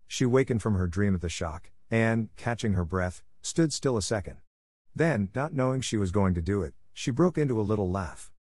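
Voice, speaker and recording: A man reads an audiobook script in a fairly low voice, keeping his delivery steady and measured.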